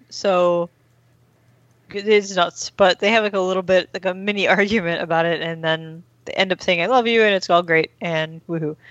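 Casual woman chatting, loads of ums, low-ish voice, dry and a bit muffled lo-fi sound. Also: a bit bright, no room sound. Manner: rambling, many fillers, acts out quotes. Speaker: podcast host recapping an episode. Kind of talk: casual chat.

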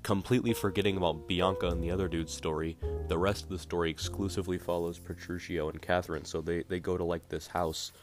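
Man, very low voice, rambling wry recap, self-correcting, guitar music behind. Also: little pitch movement, fast, hardly any pauses. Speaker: podcast host. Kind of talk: casual rambling retelling of a play.

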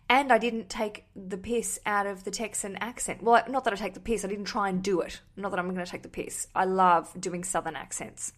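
A woman hosting a casual podcast, replying to listener voice messages in a chatty, ranty, self-mocking way with casual swearing. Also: mid-range voice. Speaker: podcast host.

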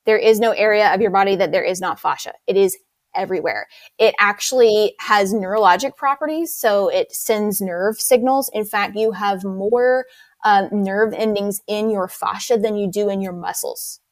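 A woman's voice: medium pitch, moderate pace, dry recording. A woman movement instructor explaining her method in an interview, eager and detailed.

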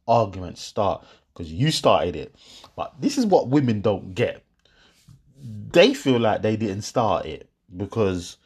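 A young man, talking in a casual monologue. He is animated and streetwise, uses slang, and acts out both sides of an argument. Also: fairly low pitch, breathy edge.

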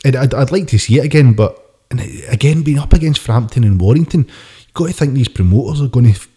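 Sweary man, dark voice. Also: medium pitch, fast, husky. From United Kingdom. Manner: sweary, ranting, animated. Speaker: podcast co-host. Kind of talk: casual boxing chat.

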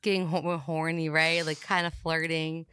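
A woman's voice: low voice, normal speed, clean tone, no echo, clean studio sound. A woman in her thirties, a podcast guest, telling a story in casual chat, laughing often and acting out her own lines. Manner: giggly, animated, acts out her own lines.

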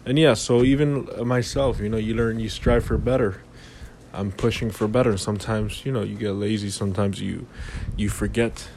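Rambling low-voiced man musing aloud. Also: fairly even intonation, moderate pace, darkish tone, a little hiss or hum. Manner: rambling, philosophical, lots of "you know". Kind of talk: casual motivational monologue.

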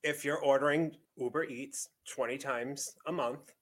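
A man's voice: mid-range voice, fairly even intonation, unhurried, a bit bright. A man co-hosting a podcast, teasing and coaxing his friend in casual chat, often laughing. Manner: teasing, persuasive, giggly. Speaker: podcast co-host.

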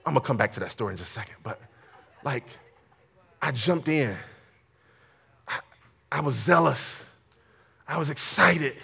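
A man preaching a sermon, telling a story with lively energy and calling on the congregation for amens. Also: medium pitch, normal speed, creaky, long pauses, slightly rough. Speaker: pastor.

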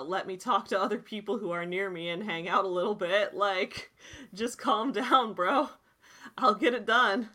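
A woman in her twenties hosting a casual chat and reading articles aloud, animated and chatty, full of "like" and "dude". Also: mid-range voice.

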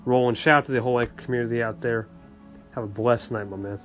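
Man, podcast host, casual call-in shout-outs, friendly repeated sign-offs, middle pitch. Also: steady tone, quick pace, soft background music.

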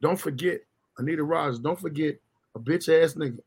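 A man co-hosting a casual comedy podcast chat, loud and profane, acting out little scenes. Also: a little high, fairly quick, husky. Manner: loud, profane, acts out scenes in funny voices. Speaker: podcast co-host.

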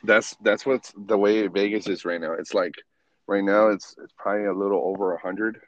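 A man's voice: lowish voice, fairly even intonation, normal speed, poor audio. A man hosting a casual podcast chat from his parked car in an empty lot, rambling, swearing freely and restarting sentences. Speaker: podcast host.

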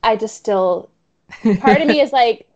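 A woman's voice: a little high, animated, a little slow, a little mellow, dull audio. A woman co-hosting a casual podcast who thinks aloud, hesitant and full of restarts. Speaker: podcast co-host. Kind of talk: casual chat.

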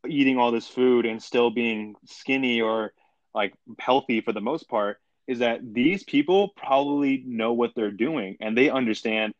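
A man's voice: mid-range voice, normal speed, dry recording. Blunt young man with dull lo-fi sound. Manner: blunt, opinionated, slangy. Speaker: podcast co-host. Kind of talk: casual chat.

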